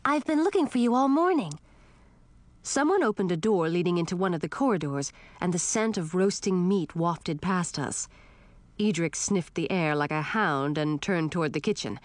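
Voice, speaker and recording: A woman narrating a first-person fantasy audiobook in an expressive storytelling manner. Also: fairly low pitch, normal speed, no echo.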